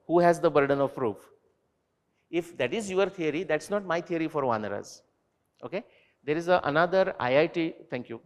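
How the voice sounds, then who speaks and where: A man answering student questions at a university talk, animated and digressive, turning to quiz the audience directly. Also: a little high, long reverb tail. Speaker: invited speaker. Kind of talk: lecture Q&A with students. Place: university lecture hall.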